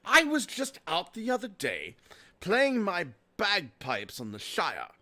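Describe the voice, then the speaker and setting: A man's voice: high-pitched, huge pitch swings, slow pace, bright, forceful tone, pitched above the performer's own voice, heavily acted. A man voicing a chatty, genteel Englishman who rambles on about tea, ale and sunsets. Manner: genteel, rambling small talk.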